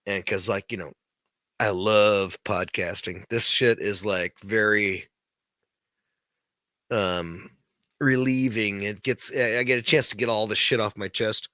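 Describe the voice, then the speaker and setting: A man's voice: fairly low pitch, steady tone, a little slow, bright, forceful tone, no echo, studio quality. A man hosting his own podcast, ranting casually in a profane, rambling, heated way. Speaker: podcast host. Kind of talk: casual late-night rant.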